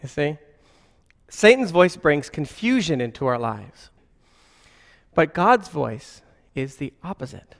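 A man with a fairly high voice gives a relaxed Christian teaching, often checking in with his listeners through rhetorical questions. His voice carries a long reverb tail. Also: takes it slowly, pauses often. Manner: conversational, frequent rhetorical questions. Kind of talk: informal spoken teaching.

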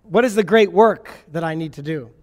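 In a brisk, higher-pitched voice, a messianic Jewish congregational leader teaches his congregation with earnest purpose, lifting his tone whenever he quotes scripture from Moses or God. A long hall reverb surrounds the sound.

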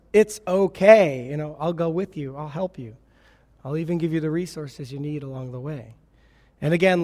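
A man's voice: sits high, a little mellow. A man preaching a sermon to a congregation, earnest and teaching, lifting his voice when he quotes scripture. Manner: earnest teaching, quotes Moses and God in a lifted voice. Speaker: messianic Jewish congregational leader. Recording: long hall reverb.

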